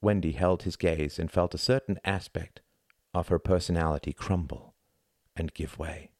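Low-voiced male audiobook narrator. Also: steady tone, normal speed, a little mellow, no echo, clean studio sound.

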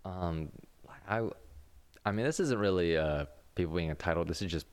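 A man's voice: deep voice, moderate pace, clear, resonant tone. A young man co-hosting a casual podcast, telling rambling stories full of fillers and laughter. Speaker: podcast co-host. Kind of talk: casual chat, storytelling.

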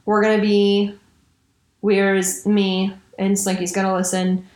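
A woman's voice: mid-range voice, completely flat delivery, slow, a little mellow, roomy sound. A woman hosting a casual true-crime podcast, chatty and swearing casually. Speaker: podcast host.

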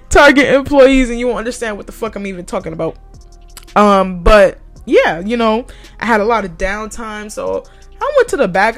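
Profane young woman telling a heated story. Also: medium pitch. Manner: profane, heated and blunt, with laughs. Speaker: podcast host. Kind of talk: casual storytelling rant.

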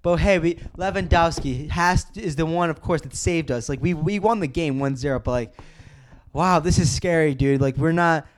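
A man hosting a casual football podcast, ranting excitedly, cursing often and restarting his sentences. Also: a little high, moderate pace.

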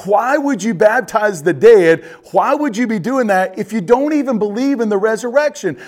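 A preacher with a notably high voice delivers his sermon, rising to loud emphatic peaks and dropping to hushed, low asides. He keeps calling out to his congregation as he goes. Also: lively intonation, normal speed. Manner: preaching with emphatic rises and drops, addressing the congregation directly. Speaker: pastor.

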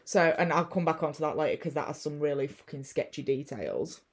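A young woman co-hosting a casual film-review chat, telling the plot in a sweary, animated way and acting out the characters' lines. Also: low-pitched, a little fast, slightly rough. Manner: sweary, animated storytelling with acted-out quotes. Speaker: podcast co-host.

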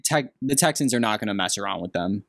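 A man's voice: on the low side, animated, fast talker, a bit bright, dry recording, studio quality. A young man from Green Bay co-hosting a podcast, giving blunt, opinionated takes in casual sports chat. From Green Bay, Wisconsin. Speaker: podcast co-host.

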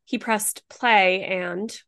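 Gravelly-voiced chatty podcast woman. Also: medium pitch, steady tone, extremely slow, fairly bright tone. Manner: chatty, blunt, swears often, says "like" a lot. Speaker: podcast co-host. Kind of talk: true-crime podcast narration and chat.

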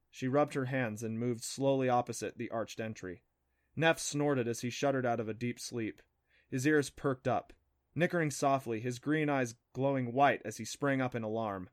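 A man narrating an adventure story in a steady, even voice. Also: medium pitch, moderate pace. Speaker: audiobook narrator. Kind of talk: scripted narration.

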